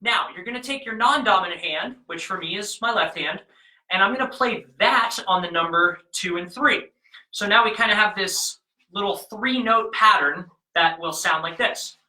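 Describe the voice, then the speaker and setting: A man's voice: sits high, moderate pace, bright, forceful tone, echoey room, low-quality recording. A man leading a drumming lesson, talking learners through patterns and counting the beats aloud in an encouraging way. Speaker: drumming instructor.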